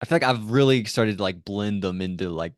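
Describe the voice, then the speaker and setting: A man's voice: lowish voice, brisk, dry recording, clean studio sound. A man co-hosting a podcast in casual chat, easygoing and a little hesitant. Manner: easygoing, hesitant, laughs often. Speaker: podcast co-host.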